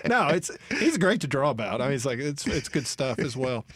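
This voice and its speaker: A man's voice: mid-range voice, sing-song, a little fast, a bit bright, slightly rough, no echo. A male host in casual chat who eagerly prompts his guest and jokes along.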